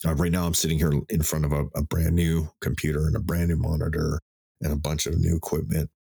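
A man's voice: extremely low pitch, little pitch movement, fast talker, vocal fry, dark tone, husky. A man in his fifties hosting a solo podcast, talking candidly and emotionally about his life, swearing freely and restarting sentences. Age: 50s. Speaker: podcast host. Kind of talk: solo reflective podcast monologue. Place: home desk in front of a computer.

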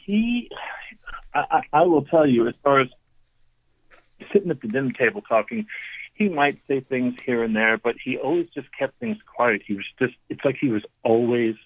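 A man in his fifties, a radio guest telling family stories in a lively, anecdotal way, often restarting his sentences. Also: medium pitch, normal speed, no room sound. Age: 50s. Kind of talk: storytelling on a call-in interview. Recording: tinny phone line.

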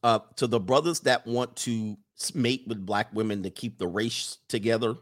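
Guy doing a livestream, reads chat messages and laughs a lot, loose and animated. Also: fairly low pitch, moderate pace. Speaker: livestream host reading super chats.

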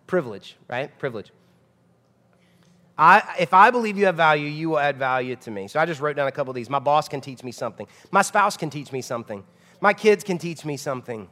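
A man's voice: mid-range voice, quick pace, bright, forceful tone. A man, preaching a sermon as pastor in a conversational, emphatic way full of rhetorical questions. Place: church sanctuary. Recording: long hall reverb of a church.

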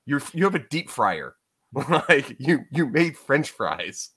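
A man's voice: mid-range voice, big pitch swings, takes it slowly, a bit bright, breathy edge. A man co-hosting a podcast, chatting casually, swearing freely and laughing as he talks. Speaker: podcast co-host. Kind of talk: casual chat.

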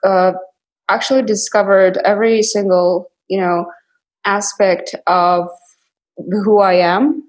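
Animated young woman from Kazakhstan. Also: mid-range voice, takes it slowly. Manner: animated storytelling with frequent restarts and laughter. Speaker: actress guest. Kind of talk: casual interview conversation.

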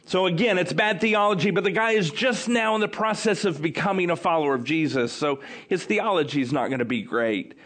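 Slightly high-voiced man preaching a sermon. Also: expressive, a little fast, few pauses, fairly bright tone. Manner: emphatic repetition, expository, conversational.

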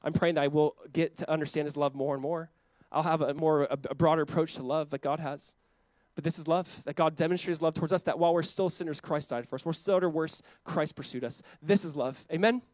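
A young adult man preaching a sermon as pastor, impassioned and often voicing God in quick quoted asides. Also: on the high side, steady tone, a little mellow, no room sound.

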